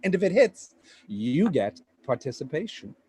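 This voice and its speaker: An actor playing a pushy, fast-talking male Hollywood agent in a live play reading over a video call, with rapid, stammering sales patter. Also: on the high side, sing-song, darkish tone, a little hiss or hum. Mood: salesy. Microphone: home computer mic on a video call.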